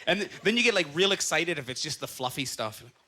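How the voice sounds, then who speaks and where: On a comedy club stage before a live audience, a Canadian man does a stand-up set, animated and laughing through his punchlines. His pitch is fairly high, very lively, and he talks fast. Loud crowd noise and audience laughter fill the live recording.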